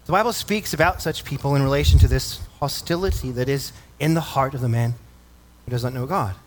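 A man's voice: mid-range voice, a little fast, slight background noise. A male pastor preaching a sermon, reading scripture and asking the congregation questions. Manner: earnest preaching, asks the congregation questions, reads scripture aloud.

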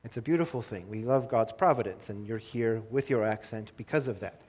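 A pastor preaches to his church conversationally, often repeating words as he restarts a thought and interrupting himself with small laughs. His voice is fairly low and fairly quick, with a darkish tone and a breathy edge.

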